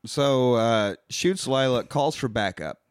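A man co-hosts a podcast, cracking blunt, profane jokes as he retells a story. His delivery swings widely in pitch. He is recorded close to the mic with no room echo. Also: animated, slow, clear, resonant tone. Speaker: podcast co-host. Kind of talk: casual chat.

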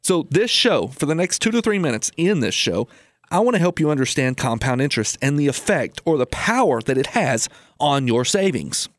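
A man's voice: fairly high pitch, dry recording. A man hosting his own finance radio show, speaking into a close studio mic with no room sound. He tells homey stories in an easy, chatty way and repeats his main points for emphasis. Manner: folksy storytelling, repeats key lines for emphasis. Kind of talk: casual radio talk about personal finance.

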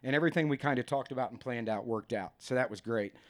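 A man in his fifties from a racing team, telling stories in an animated, emotional way. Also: medium pitch, quick pace. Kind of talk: casual storytelling.

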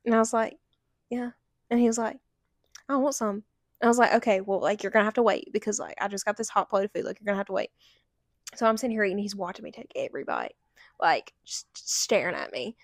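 Talking fast at medium pitch, a young podcast co-host tells a story in casual conversation and fills it with "like." The recording is studio quality without any echo.

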